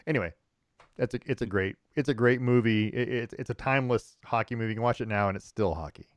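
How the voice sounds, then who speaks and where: A man's voice: mid-range voice, quick pace, dry recording. A man co-hosting a sports podcast, chatting casually with many fillers and restarts. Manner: rambling, frequent restarts and fillers, chuckling. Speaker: podcast co-host.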